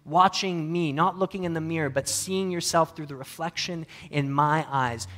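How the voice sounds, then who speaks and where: A pastor giving a sermon in a relaxed, conversational way, telling stories with frequent fillers and self-deprecating humor. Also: male voice, on the high side, normal speed, few pauses, soft background music.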